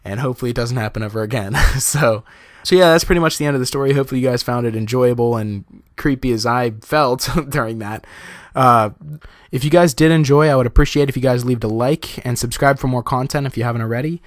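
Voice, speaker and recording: Recorded in studio quality with no echo, a young male vlogger speaks quickly in a mid-range voice. He chats casually with his viewers about something personal, laughing frequently and using plenty of fillers.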